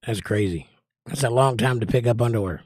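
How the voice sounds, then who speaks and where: A man's voice: medium pitch, a little fast, slightly rough, no echo. Man, livestream host, casual rambling chat, reads comments, dry close sound. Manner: relaxed, rambling, reads viewer comments aloud. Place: indoors at home by a window. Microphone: desk microphone.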